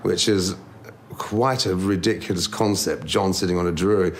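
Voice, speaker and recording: A man in an interview, fondly telling stories about an old friend in a relaxed, rambling way. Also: sits low, moderate pace. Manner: relaxed, fond storytelling with fillers. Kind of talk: reminiscing interview.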